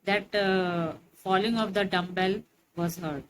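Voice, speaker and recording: A woman teacher, reading a story aloud and explaining it in a slow, explanatory way with many fillers. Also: mid-range voice, fairly even intonation, a little hiss or hum, low-quality recording. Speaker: English teacher.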